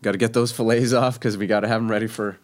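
A man casually telling a story about working as a cook, animated and laughing often. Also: on the low side, fast talker. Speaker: guest telling a kitchen story.

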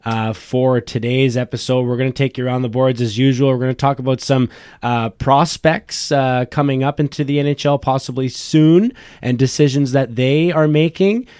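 A man's voice: mid-range voice, steady tone, normal speed, darkish tone, smooth, no echo, studio quality. A man co-hosting a casual hockey podcast, chatty and loose, swearing now and then. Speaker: podcast co-host. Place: small studio at a bar.

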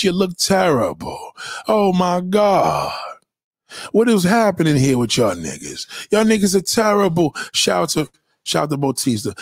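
A man on a casual livestream tears into topics with blunt, mocking energy. His voice sits a little higher than most men's. The sound is dry and close, with no room echo. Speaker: livestream host reading chat. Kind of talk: casual profane rant.

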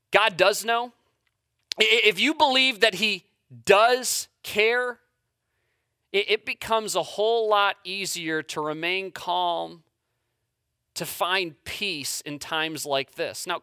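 A male pastor preaching a sermon who stammers and repeats words, swinging from hushed to intense. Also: sits high, slow pace, dry recording, clean studio sound.

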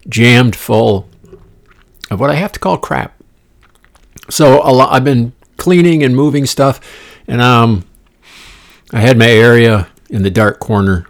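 Gravelly man rambling through a comic podcast. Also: on the low side. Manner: profane, digressive, playful asides and whispered jokes. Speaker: podcast host. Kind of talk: rambling comedic monologue. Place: condominium room.

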